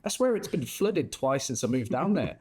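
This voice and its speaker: Young adult male guest, mid pitch, profane and lively storyteller. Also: normal speed, slight background noise. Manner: swears freely, lively storytelling. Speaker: podcast guest, bartender. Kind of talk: casual interview chat.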